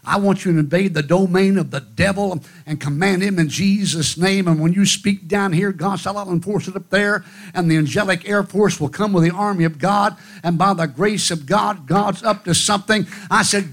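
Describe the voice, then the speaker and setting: A man's voice: high-pitched, moderate pace, fairly bright tone. A man preaching a fiery revival sermon at a church conference, with emphatic, rhythmic repetition. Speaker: guest preacher.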